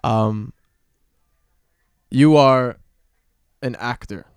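A young man hosting a casual podcast, talking in a low-energy, laid-back way with lots of swearing. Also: very slow, smooth, no room sound, studio quality. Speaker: podcast host. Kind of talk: casual chat.

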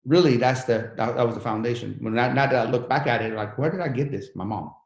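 A man's voice: mid-range voice, fast, vocal fry, roomy sound. A man who came to the country as a refugee, telling his life story in an interview in an earnest, motivational way. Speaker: guest.

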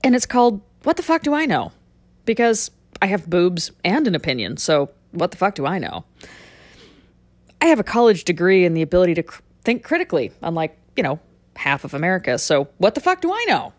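A woman's voice: on the low side, big pitch swings, brisk, no room sound. Sarcastic ranting woman podcaster. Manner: sarcastic, ranting, swears freely. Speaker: podcast host. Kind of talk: profane comic monologue. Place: small farm, barn.

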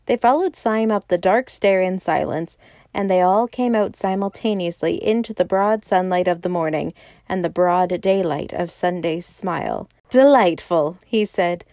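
Mellow-voiced woman narrating a novel. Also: fairly low pitch, normal speed, no room sound, clean studio sound. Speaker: audiobook narrator. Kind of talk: scripted narration.

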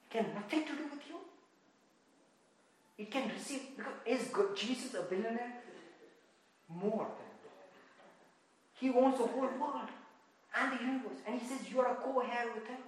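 A woman with an Indian accent delivers a fervent sermon in a high, ringing voice. She swings between loud exclamations and near-whispered murmurs. The sound comes from a church hall that is thick with echo. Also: normal speed, pauses often. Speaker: preacher. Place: church in Texas.

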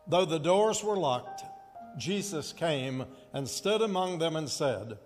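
A pastor preaching a sermon and reading scripture, slow and deliberate, calling on the congregation to answer back. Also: male voice, on the high side, lively intonation, a little mellow, big-room sound, faint music behind.

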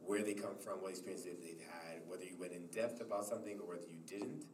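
Male podcast host, very low voice, fast delivery, recorded far from the mic in an echoey, noisy room. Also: steady tone. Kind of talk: hosting a discussion podcast.

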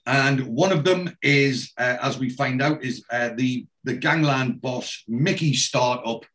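With a medium pitch, a slightly slow pace, and a fairly bright tone, an English man casually chats on his podcast. He's recounting a TV episode scene by scene and repeating the characters' dialogue.

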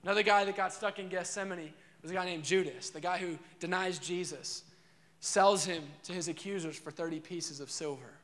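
A man's voice: sits high, a little fast, fairly bright tone, big-room sound. A man preaching a sermon as pastor, earnest and repetitive, asking the crowd questions.

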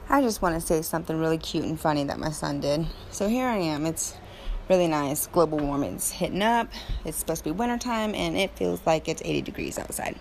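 A woman's voice: low voice, a little fast, gravelly, a little hiss or hum. A woman hosting a podcast, chatting casually and laughing as she tells a funny story about her family. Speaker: podcast host.

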